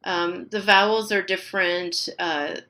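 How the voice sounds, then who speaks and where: A woman's voice: fairly low pitch, steady tone, unhurried, sharp tone. A middle-aged woman, a linguist guest on a podcast interview, talking in a chatty way and laughing often as she explains. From Canada.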